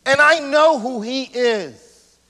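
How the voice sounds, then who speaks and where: A male pastor giving a sermon in a casual, slangy way, swinging between loud emphasis and hushed near-whispers. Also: extremely high pitch, slow. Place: church sanctuary. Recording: long church hall reverb.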